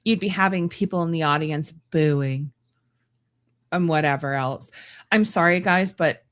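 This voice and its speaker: A woman's voice: deep voice, unhurried. A woman from Canada hosting a podcast, ranting bluntly with exasperated stumbles and restarts. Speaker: podcast host. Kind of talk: opinionated solo commentary.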